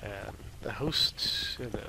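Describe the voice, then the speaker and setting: Playing through a game, a man offers casual gameplay commentary full of goofy, rambling jokes. He talks slowly in a fairly low voice with vocal fry, and background noise can be heard.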